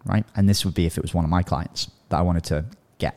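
A man hosting a podcast, giving casual coaching advice in an animated way and often checking in with "right?" and "you know". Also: deep voice, quick pace. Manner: animated, acts out sample dialogues, frequent "you know" and "right?". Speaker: podcast host and business coach.

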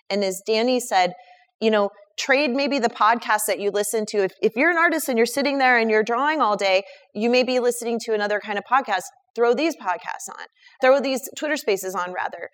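A woman, talking casually in an online audio chat and eagerly recommending people and resources. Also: a little high. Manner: enthusiastic, emphatic, recommends people one by one. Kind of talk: casual chat giving advice.

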